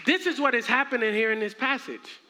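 Lively young male preacher. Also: very high voice, a little fast, a crowd in the background. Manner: animated, slangy, humorous preaching. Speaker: minister. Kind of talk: sermon. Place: church sanctuary. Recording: echoey hall, faint noise.

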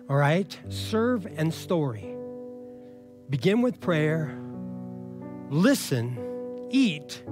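A high-pitched man preaching a sermon in an emphatic, conversational way. He keeps checking in with the congregation through casual asides, and faint music plays behind him. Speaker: pastor.

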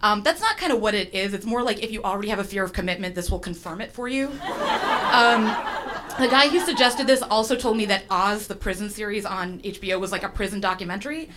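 A woman's voice: mid-range voice, quick pace, heavy background noise. A woman telling a personal story to an audience, chatty and self-deprecating, with lots of fillers and restarts.

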